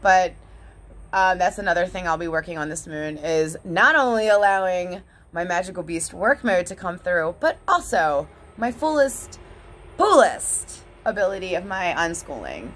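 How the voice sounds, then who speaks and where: A woman's voice: fairly low pitch, lively intonation, moderate pace, a bit bright. A woman talking in a casual, candid vlog monologue, swearing often and laughing between thoughts. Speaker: vlogger.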